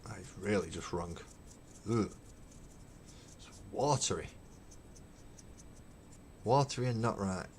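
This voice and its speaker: A man's voice: fairly low pitch, expressive, slow, long pauses, darkish tone, slight background noise. A middle-aged man chatting casually on a painting livestream, emphatic and opinionated, swearing as he rants. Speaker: hobby livestream host. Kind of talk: casual chat while painting.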